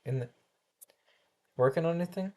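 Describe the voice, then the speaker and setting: A man's voice on the high side, mellow and natural, moves at a moderate pace. He's doing amateur voice acting for animation as a first-grade teacher taking roll call, patient yet flustered, stumbling, restarting his sentences and apologizing again and again.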